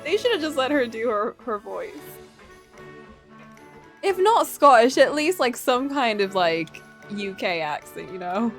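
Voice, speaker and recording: A woman's voice: on the high side, lively intonation, unhurried. A woman streaming a game, chatting casually and joking with frequent giggles. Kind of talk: casual live-stream commentary. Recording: game music behind.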